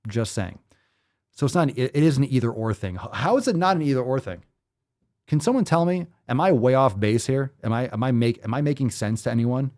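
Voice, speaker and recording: A male fitness host in full rant mode, swearing freely and firing off incredulous rhetorical questions. His pitch swings all over the place as he talks, sitting at an ordinary middle height. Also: animated, fairly quick, a little mellow. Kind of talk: ranting commentary.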